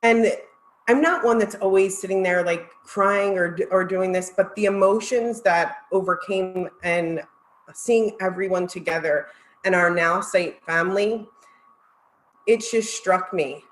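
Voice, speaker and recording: A woman's voice: medium pitch, a little slow, roomy sound, low-quality recording. Emotional woman presenting on a video call. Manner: heartfelt, on the verge of tears. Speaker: marketing executive presenter. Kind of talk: emotional virtual conference presentation.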